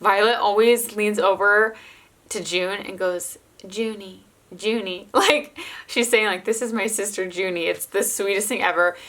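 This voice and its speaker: A woman's voice: mid-range voice, moderate pace, fairly bright tone. A young adult woman, a mother of toddlers, chatting casually to camera and filling her speech with "like". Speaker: mother of toddler twins, vlogger.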